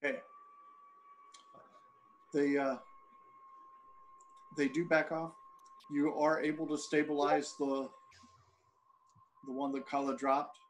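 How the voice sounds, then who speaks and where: Game master, man with a slightly high voice, halting narration of a tabletop game. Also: little pitch movement, slight background noise. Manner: halting, with fillers while describing scenes.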